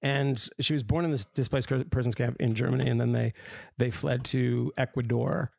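A man's voice: mid-range voice, steady tone, moderate pace, creaky, darkish tone, no room sound, clean studio sound. A man co-hosting a podcast, chatting casually and telling wry, rambling stories that he laughs at. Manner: wry, rambling storyteller who laughs at his own anecdotes. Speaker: podcast co-host. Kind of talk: casual panel chat.

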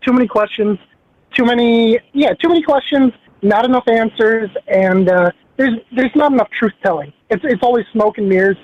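A man's voice: extremely high pitch, moderate pace. A man calling in to a radio show, talking casually and hesitantly with many fillers. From Minneapolis area. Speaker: caller. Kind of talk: phone-in conversation. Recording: dull phone line with faint hiss.

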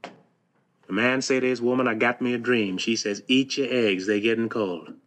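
A man's voice: medium pitch, moderate pace, a bit bright, close to an everyday voice. An actor playing a frustrated grown man pleading with his wife, bitter, with a light island lilt, on an old film soundtrack. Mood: desperate. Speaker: film actor in a dramatic scene.

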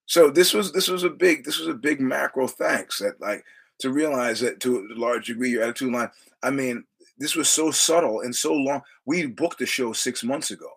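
A man's voice: mid-range voice, normal speed, creaky, husky. A man hosting his own podcast, talking in a rambling, digressive way, quoting film lines and laughing often. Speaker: podcast host. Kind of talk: rambling casual monologue.

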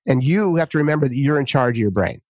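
A man hosting a casual conversation, relaxed and chatty, laughing as he tells stories. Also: medium pitch, quick pace, no room sound. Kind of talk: casual chat.

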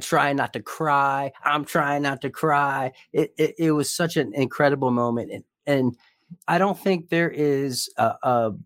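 A man's voice: medium pitch, a bit bright, no room sound, studio quality. A young man co-hosting a podcast, talking earnestly and emotionally, swearing casually. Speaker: podcast co-host.

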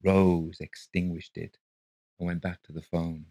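A man narrating a ghost story in a measured, steady reading voice. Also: low-pitched, no echo.

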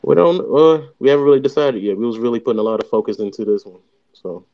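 A man's voice: medium pitch, lively intonation, fast talker. A man, co-hosting a podcast in laid-back casual chat and agreeing easily. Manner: laid-back, agreeable, often laughing along. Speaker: podcast co-host and editor. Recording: dull lo-fi sound.

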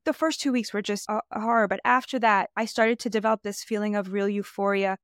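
A woman's voice: medium pitch, no echo, studio quality. An American woman talking in an emphatic, searching way, often restarting her sentences mid-thought. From United States. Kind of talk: conversational podcast chat.

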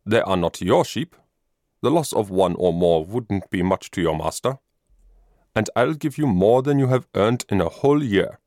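Storybook nobleman hunter, commanding, low and lively voice, read by a man. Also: normal speed, dry recording, studio quality, close to an everyday voice. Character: lost, hungry nobleman hunter.

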